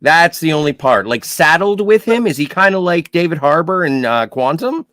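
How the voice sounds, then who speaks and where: A man co-hosting a podcast, jumping in with animated reactions and opinions in casual chat. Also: on the high side, moderate pace, no room sound, clean studio sound. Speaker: podcast co-host.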